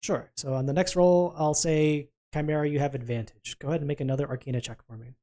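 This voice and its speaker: A man's voice: on the high side, steady tone, warm tone. A man acting as game master, calling for dice rolls and narrating what happens. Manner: brisk, calls for dice rolls and narrates results.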